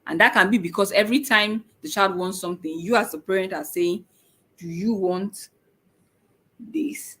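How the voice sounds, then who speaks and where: A woman's voice: mid-range voice, sharp tone. Patient woman teaching parents. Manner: patient, repeats points, frequent "okay?" check-ins; halting, with many "um" pauses. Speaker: speech and autism educator. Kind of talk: informal teaching talk to parents.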